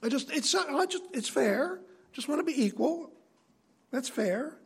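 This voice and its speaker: A man's voice: extremely high pitch, expressive, a little slow, gravelly, voice pushed up, exaggerated voice. A man mimicking a whiny rebel. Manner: whining, pleading. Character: whiny male rebel demanding equality.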